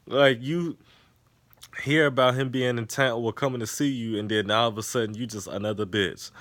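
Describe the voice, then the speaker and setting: A man recapping a TV episode in casual chat, animated and profane, often laughing. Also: mid-range voice, moderate pace, no room sound. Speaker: TV episode reviewer. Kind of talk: casual recap with acted-out quotes.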